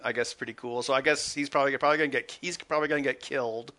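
Bright-voiced man in animated chat. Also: medium pitch. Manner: animated, halting, restarts often. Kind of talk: casual chat about video games.

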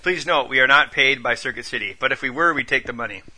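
A young man hosting a podcast in relaxed, joking casual chat. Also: medium pitch, fast. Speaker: podcast host.

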